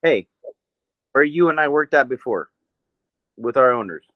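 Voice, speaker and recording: A man rambles through a casual podcast chat, swearing freely and laughing often. His pitch rises and falls widely as he talks. The recording is dry and a little dull. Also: expressive, unhurried, no echo. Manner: profane, rambling, laughs a lot. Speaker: podcast co-host.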